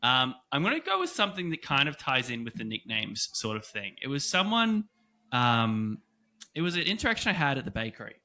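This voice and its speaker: A young Australian man co-hosting a podcast, chatting casually and telling animated stories with frequent laughter. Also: mid-range voice, fairly quick. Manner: animated storytelling, laughs often. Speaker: podcast co-host. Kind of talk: casual chat.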